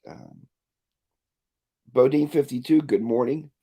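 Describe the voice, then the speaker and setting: A man's voice: medium pitch, slow, warm tone, husky. A man hosting a casual livestream, ranting and reading viewer comments aloud. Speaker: livestream host.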